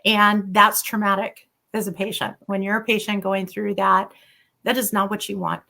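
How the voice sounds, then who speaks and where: This guest is a middle-aged woman, a physician and past patient, recounting her own experience frankly in an interview. Her mid-range voice is creaky and moves at normal speed, and her storytelling is animated and includes quoted dialogue.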